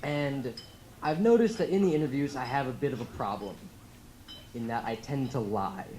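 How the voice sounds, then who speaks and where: A teenage boy performing a stand-up comedy set in a comedy club, telling stories in a deadpan way on a handheld mic. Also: medium pitch, normal speed, slight background noise, low-quality recording. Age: teens.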